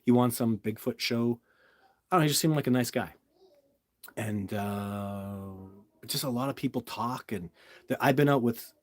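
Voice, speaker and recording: A man's voice: medium pitch, no room sound. A middle-aged man hosting a live question-and-answer stream, talking in an emphatic, rambling, storytelling way. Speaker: Bigfoot researcher answering viewer questions. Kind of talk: live stream Q&A, casual monologue.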